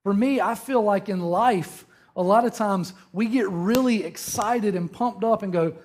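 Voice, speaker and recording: A man's voice: sits high, a little slow, a little mellow, a little hiss or hum. A man in his thirties giving a conversational sermon, telling a humorous story and often checking in with his listeners. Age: 30s. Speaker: preacher.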